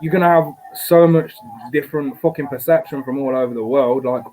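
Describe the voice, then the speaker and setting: A man's voice: medium pitch, a little fast, darkish tone. A man with a Scottish accent, co-hosting a casual chat while watching a live fight, swearing freely and rambling. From Scotland. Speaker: podcast co-host. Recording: noisy background hiss.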